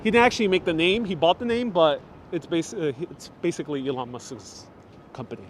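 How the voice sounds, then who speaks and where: A man's voice: a little high, fairly quick, a little hiss or hum. A man giving a live walking tour outdoors on a city street, chatting with viewers and reading their comments aloud, on a wireless lapel mic. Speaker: livestream city tour guide. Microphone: wireless lapel mic with phone on gimbal. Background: street ambience.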